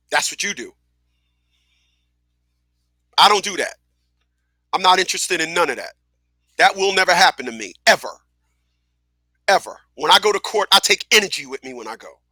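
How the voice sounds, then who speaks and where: High, bright-voiced man, blunt and emphatic. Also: expressive, a little fast, long pauses, no echo. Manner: blunt, emphatic, profane, repetitive. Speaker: radio host. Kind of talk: casual talk radio monologue.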